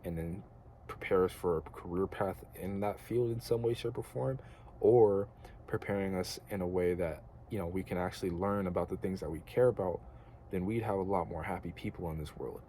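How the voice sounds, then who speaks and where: A man's voice: low-pitched, moderate pace, warm tone, slight background noise. A young American man giving an earnest, rambling spiritual monologue to camera, casual and slangy with lots of filler words. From United States. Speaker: vlogger.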